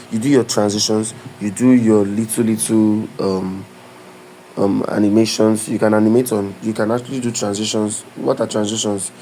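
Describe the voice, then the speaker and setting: Lowish and dark in tone, this man's voice comes through a rough recording with a little hiss or hum. A tutorial creator, he gives a live step-by-step screen-share tutorial, speaking loosely with repeated and restarted phrases and frequently breaking off to ask "do you understand?"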